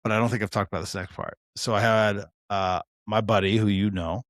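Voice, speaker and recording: A man's voice: lowish voice, fairly quick, no room sound, studio quality. A man in his forties chatting casually on a podcast, telling stories with lots of swearing and acting out what other people said. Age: 40s. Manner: animated storyteller, acts out quoted dialogue, swears freely. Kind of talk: casual chat.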